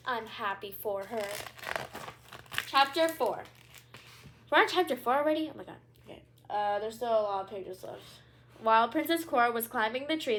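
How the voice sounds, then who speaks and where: A woman's voice: a little high, fairly bright tone. A young woman reading a children's book aloud, with chatty asides and small stumbles. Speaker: read-aloud storyteller.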